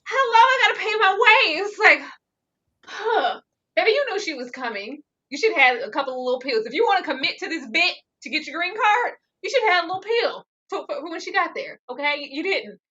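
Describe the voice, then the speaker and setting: A woman reacts loudly in a casual recap chat. Her voice is high and bright, full of exclamations and laughter. The audio sounds dull and lo-fi. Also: big pitch swings, brisk, distant mic. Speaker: podcast co-host.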